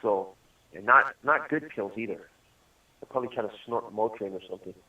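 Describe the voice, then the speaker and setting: A man's voice: fairly low pitch, fairly quick. A man in prison telling rambling stories in casual chat on a call, laughing often. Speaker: incarcerated caller. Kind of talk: casual storytelling over a phone call. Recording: distant, tinny phone line.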